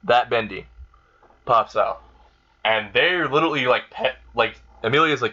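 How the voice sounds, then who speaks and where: A man's voice: mid-range voice, a little slow, sharp tone. Rambling man telling a fan story on a dull lo-fi mic. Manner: rambling, many fillers and restarts, swearing. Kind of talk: casual improvised story retelling.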